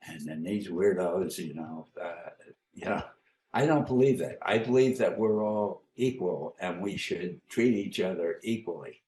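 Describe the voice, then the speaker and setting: A man, an author, reflecting thoughtfully in an interview, halting with many pauses. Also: deep voice, animated, darkish tone, echoey room. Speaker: author guest.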